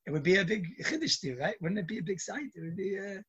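A man telling stories to children in a lively, chatty, digressive way. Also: high voice, fast talker, dull audio, crowd noise. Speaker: storyteller. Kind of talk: casual storytelling to children.

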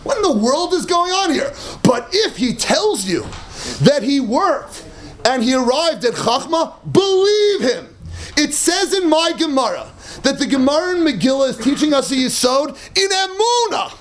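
A man teaching a Talmud class, animated and emphatic, mixing Hebrew and Aramaic terms into English and laughing at his own points. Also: extremely high pitch, moderate pace. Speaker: Torah teacher.

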